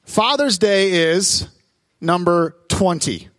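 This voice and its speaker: A man, a pastor in his thirties, preaching a sermon on stage in church, telling family stories in a lively, animated way. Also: high-pitched, dry recording. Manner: warm storytelling, lively, quick asides.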